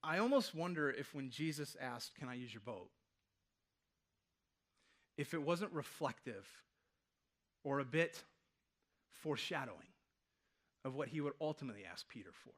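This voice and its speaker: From a church stage before a congregation, a pastor in his thirties preaches a sermon in a loose, conversational style packed with rhetorical questions. His mid-range voice is expressive and a bit bright, moving at a moderate pace with frequent pauses.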